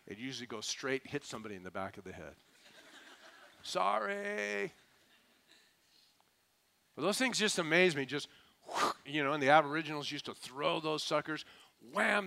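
A male pastor giving a sermon, his voice bright, forceful and smooth, a little higher than most men's. He jokes and laughs as he preaches, drops into slang, then slows right down to lean on every word of scripture. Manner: casual and humorous, laughing often, mixing scripture with slang; slows and stresses key words when reading scripture.

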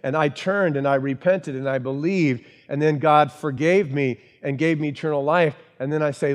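A man's voice: a little high, fairly even intonation, normal speed, few pauses. A man preaching a sermon as pastor, stressing points by repeating them and putting questions to the congregation. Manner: emphatic, repeats key phrases, asks the congregation questions.

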